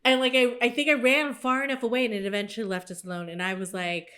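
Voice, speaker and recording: Animated, cursing woman telling a story. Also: on the high side, quick pace, few pauses. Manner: animated, swearing freely, quoting herself in a raised voice. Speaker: podcast co-host. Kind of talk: casual storytelling chat.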